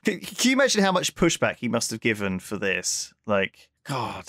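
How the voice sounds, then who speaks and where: A man co-hosting a podcast in casual chat, rambling and lively, often restarting his thoughts. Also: fairly low pitch, normal speed, dry recording, studio quality. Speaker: podcast co-host.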